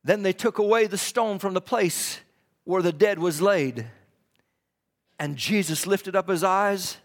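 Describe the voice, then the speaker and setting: A man preaching a fervent sermon in a church, repeating his lines and swinging from loud to hushed. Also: high-pitched, measured pace. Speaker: pastor. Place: church hall. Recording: long hall reverb.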